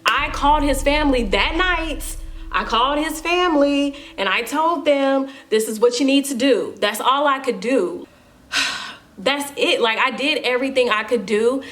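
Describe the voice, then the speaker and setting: A woman's voice: sits high, animated, unhurried, fairly bright tone. A young woman telling a personal story to her viewers in a casual, emphatic storytime vlog. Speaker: vlogger.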